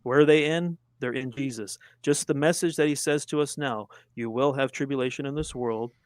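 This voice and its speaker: Male debater, earnest, emphatic, dry close sound, mid pitch. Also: no echo. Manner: earnest, emphatic, quick to argue. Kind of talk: theological debate.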